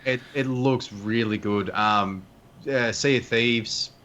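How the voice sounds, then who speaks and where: A man's voice: lowish voice, slow pace, fairly bright tone, muffled recording, a little hiss or hum. An Australian man in a casual gaming chat, joking and blunt.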